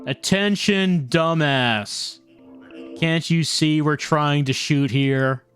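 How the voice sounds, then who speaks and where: A small, energetic film director, pompous and brash, who insults everyone on set, as a streamer puts him on. He talks in an unhurried drawl. Soft game music plays quietly underneath. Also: mid-range voice.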